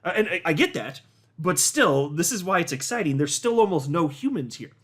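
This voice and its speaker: A man giving casual, animated commentary as a hobby YouTuber, with sarcastic asides and little rants. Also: fairly high pitch, brisk. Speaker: crypto YouTuber.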